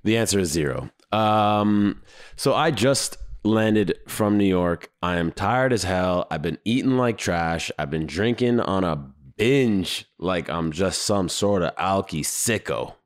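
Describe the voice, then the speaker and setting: A hoarse man hosting a podcast, telling stories in an animated, profane, casual monologue. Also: sits low, takes it slowly. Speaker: podcast host.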